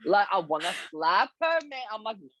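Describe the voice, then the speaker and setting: A sassy co-host ranting about a TV episode, swearing freely and calling the characters "honey." The voice sits at a middle pitch. It comes through a somewhat dull, muffled line with a dry sound. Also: very animated, moderate pace, fairly bright tone. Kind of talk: casual TV episode discussion.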